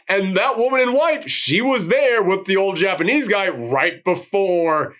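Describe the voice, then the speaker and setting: A man co-hosting a film review podcast, talking in excited casual chat, swinging between loud outbursts and low voices when he quotes characters. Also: unhurried, hardly any pauses.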